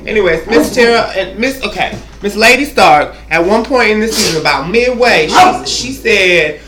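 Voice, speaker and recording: Sassy high-voiced man in a roomy echo. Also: lively intonation, moderate pace, noisy background. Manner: sassy, profane, rambling, talks to the viewer. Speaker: comedic recap host. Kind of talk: comedic TV recap monologue.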